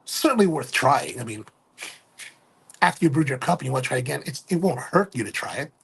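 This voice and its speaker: A middle-aged man chats casually on his livestream, wandering through his thoughts and correcting himself mid-sentence. His voice is gravelly with a husky, rough edge. He keeps tossing in "right?" to check in with his listeners. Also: medium pitch, expressive, brisk, fairly bright tone. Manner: rambling, self-correcting, keeps asking "right?". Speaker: livestream host and coffee retailer.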